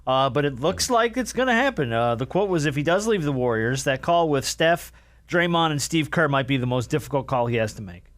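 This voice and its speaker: A man's voice: fairly high pitch, expressive, fairly quick, a bit bright. A man hosting a casual sports podcast in an easygoing way, moving the talk from topic to topic. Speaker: podcast host.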